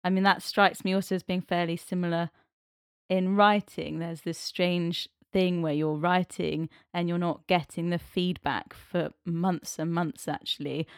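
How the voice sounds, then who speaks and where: A woman's voice: lowish voice, flat delivery, a little slow, clear, resonant tone, dry recording, clean studio sound. A woman hosting a podcast, asking long, thoughtful questions of her guests. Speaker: podcast host. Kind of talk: interview questions.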